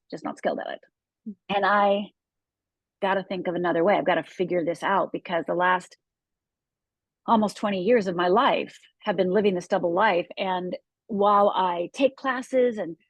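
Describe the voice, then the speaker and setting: A middle-aged woman from Upper Michigan, a life coach sharing her own story as a podcast guest. She tells it in an earnest, vivid way and leans on emphatic repetitions, at a medium pitch. The sound is close and dry, with no room around her. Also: husky, no echo. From Upper Michigan, USA. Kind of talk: personal storytelling in a podcast interview.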